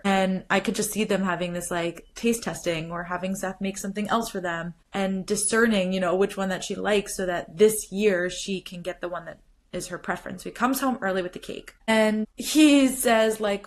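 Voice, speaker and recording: A woman's voice: mid-range voice, moderate pace. A woman hosting a podcast, talking casually and animatedly, retelling scenes with quoted lines and frequent "like" fillers. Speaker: podcast host. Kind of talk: casual solo commentary.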